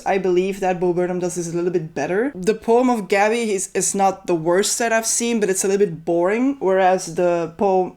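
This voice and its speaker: A woman talking to camera in a casual, opinionated review voice, weighing up what works and what falls flat. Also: mid-range voice. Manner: conversational, opinionated, critical. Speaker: book reviewer.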